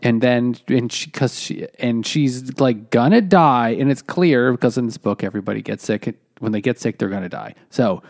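A man's voice: medium pitch, moderate pace, hardly any pauses, a little mellow. A man casually retelling a novel's plot, laughing as he goes. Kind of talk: casual book-club chat.

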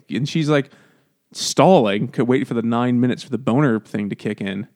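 A man in casual banter on a comedy book podcast, with a middling pitch. He laughs often and drops into playful character voices when quoting scenes. The talk stays loose and jokey throughout. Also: moderate pace, darkish tone. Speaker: podcast co-host.

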